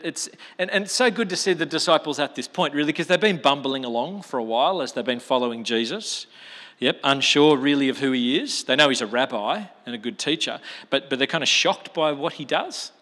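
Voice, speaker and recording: A pastor delivers an expository sermon in a slightly high, pushed, bright voice, telling it like a story with chatty, colloquial asides. The recording carries the long reverb of a large hall.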